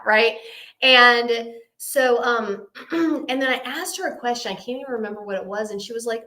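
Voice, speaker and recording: A woman hosting a live stream, telling a story in a casual, animated, self-mocking way and acting out both sides of the conversation. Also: on the high side, moderate pace.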